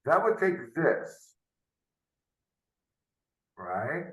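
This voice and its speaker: A man's voice: on the high side, sing-song, very slow. A man tutoring math in a loose, unscripted lesson, thinking aloud and often ending with tag questions, heard over a video call. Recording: roomy, from off the mic.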